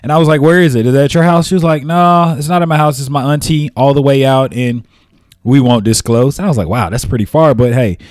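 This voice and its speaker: A man's voice: mid-range voice, quick pace, darkish tone, no echo, clean studio sound. A man co-hosting a podcast, joking and exaggerating playfully in casual chat. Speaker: podcast co-host.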